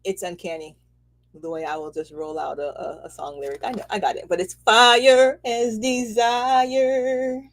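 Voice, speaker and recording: A woman giving a casual, animated spiritual reading, chatty and quick to laugh, checking in with "okay?" often. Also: deep voice, gravelly. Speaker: spiritual reader and host.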